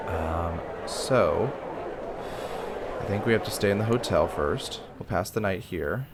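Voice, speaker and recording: Man, let's-play commentary, low voice, thinking aloud, faint background noise. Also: lively intonation, unhurried. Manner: chatty, thinks aloud, frequent ums and restarts. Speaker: gaming channel host.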